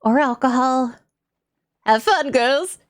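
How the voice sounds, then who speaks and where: A woman's voice: high voice, slow. A woman voicing a hip older grandmother at a post office, doting and folksy.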